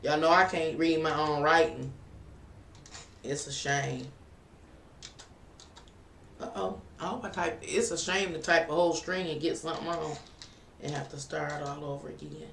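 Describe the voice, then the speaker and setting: Slow, gravelly streamer muttering to viewers. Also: mid-range voice, steady tone, a bit bright, a little hiss or hum. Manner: mutters and thinks aloud to viewers while troubleshooting. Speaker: live streamer and tarot reader. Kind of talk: casual live-stream chat. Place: indoors at a computer. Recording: roomy, distant mic with faint music.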